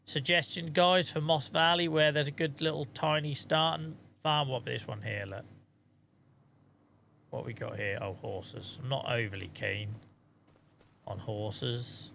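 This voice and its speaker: A man's voice: medium pitch, steady tone, measured pace, creaky, sharp tone, a little hiss or hum. A man chatting casually on a live stream while he plays a game, thanking viewers and muttering asides to himself.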